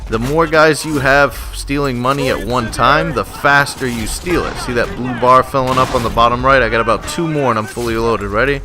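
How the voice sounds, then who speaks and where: Profane, excitable man narrating gameplay. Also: mid-range voice, fairly quick, hardly any pauses, music in the background. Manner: excitable, profane, frustrated ranting. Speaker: gaming channel host. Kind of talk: gameplay commentary voice-over. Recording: noisy background.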